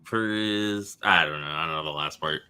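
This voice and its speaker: Casting: low-voiced male co-host, very bright tone, lively pitch, dry and low-key. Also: moderate pace, smooth. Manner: low-key, mostly backchannel, dry short remarks. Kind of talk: casual livestream chat.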